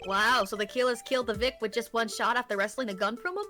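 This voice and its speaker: A woman's voice: fairly high pitch, steady tone, fast, music in the background, lightly acted. A woman voicing a brash, friendly male police detective from a game, in a casual tough-guy tone. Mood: chummy. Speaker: game player reading lines. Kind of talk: playful game voice-over reading.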